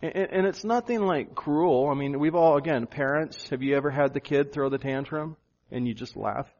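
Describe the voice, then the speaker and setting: A male pastor preaching a sermon, animated, jumping up in pitch for emphasis. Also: normal speed, lo-fi sound.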